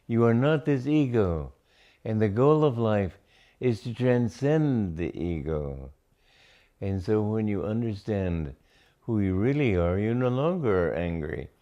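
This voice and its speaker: An older man, a spiritual teacher, giving a reflective talk on scripture, slow and deliberate with many pauses between phrases. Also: fairly low pitch, dark tone, lo-fi sound.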